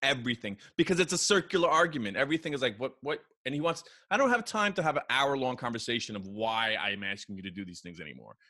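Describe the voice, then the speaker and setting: A man in his forties hosts a casual podcast chat with a bright, forceful tone. He rambles through his questions and pokes fun at himself. The sound is dry and close, with no room around him. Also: mid-range voice, big pitch swings, fast talker, few pauses, no echo. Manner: joking, self-mocking, rambling questions. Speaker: podcast co-host.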